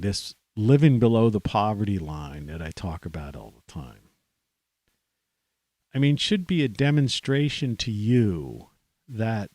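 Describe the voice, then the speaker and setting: A man's voice: lowish voice, darkish tone, no echo. A middle-aged American man hosting a live stream, talking in a rambling, casual monologue full of "you know" and restarts. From United States. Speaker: livestream host.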